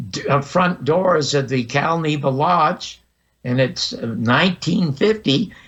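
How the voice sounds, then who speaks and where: An eighty-something man tells vivid stories from his life on a podcast, performing the dialogue as he goes. His voice is a little high, a bit bright and husky, and the recording sounds dull and lo-fi.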